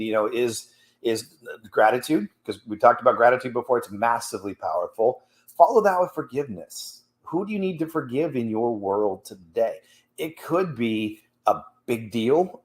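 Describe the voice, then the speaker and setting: Casual-talking male fitness coach. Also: mid-range voice. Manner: conversational, animated when telling stories. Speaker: fitness coach and show host. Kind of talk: casual motivational talk.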